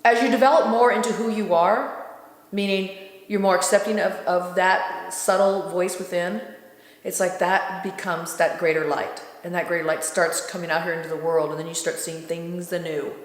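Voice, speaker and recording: A woman hosting a spiritual talk, speaking in a calm, reflective way. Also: on the low side, normal speed. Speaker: host channeling spirit guides. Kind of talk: casual spiritual chat. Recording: echoey room with long reverb.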